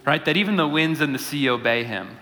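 A pastor giving a conversational sermon, often checking in with his listeners with a quick "right?". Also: fairly high pitch, expressive, pushed and bright, in a large hall.

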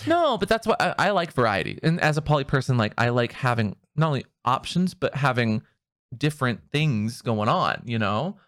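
A man co-hosting a casual chat, playful and teasing, quick to crack jokes. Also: mid-range voice, sing-song, a bit bright, no echo, clean studio sound. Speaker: podcast co-host and online content creator.

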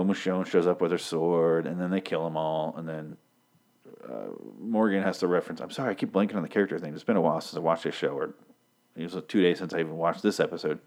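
A man with a low voice recaps a TV episode in loose, rambling chat. He swears freely and keeps stopping to hunt for names. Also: darkish tone. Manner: profane, rambling, loses track of names.

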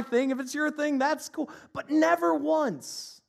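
A man from Ohio preaching a sermon, mixing jokey, animated asides with earnest, quieter scripture reflection. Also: extremely high pitch, a little slow, gravelly. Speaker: pastor.

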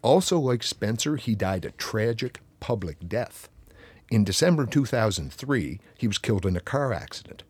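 A man's voice: on the low side, big pitch swings, normal speed, a little mellow, breathy edge, no echo. An older man hosting a casual hockey chat, stammering and repeating words as he reels off old stats and names. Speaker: podcast host.

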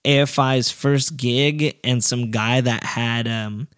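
A man co-hosting a podcast, chatting casually and telling stories, acting out quotes in a high quivering voice. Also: takes it slowly, smooth, no room sound, studio quality. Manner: animated storyteller, acts out quotes in a high quivering voice. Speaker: podcast co-host. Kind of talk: casual chat.

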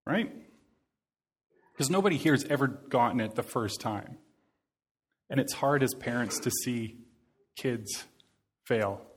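A man in his thirties preaches a sermon in an earnest, conversational tone. His voice sits at an ordinary middle pitch, and he likes to say a phrase several times over to drive his point home. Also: a little slow, pauses often, breathy edge.

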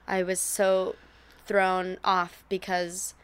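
A woman's voice: on the low side, monotone, very slow, clear, resonant tone, dry recording. A young woman co-hosting a podcast, reminiscing with her partner, laughing often and swearing casually. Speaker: podcast co-host.

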